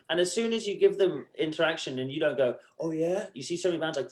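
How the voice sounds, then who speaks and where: A man's voice: fairly high pitch, fast, hardly any pauses. A man from the United Arab Emirates, a musician guest on a casual podcast, telling stories and acting out quotes with swearing. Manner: animated storyteller, acts out quotes, swears freely.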